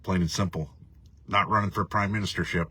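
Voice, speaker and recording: A man's voice: low voice, fairly even intonation, a little fast, bright, forceful tone, breathy edge. A man hosting a casual live stream, rambling and profane, reading viewer comments and laughing often. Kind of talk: casual ranting live chat.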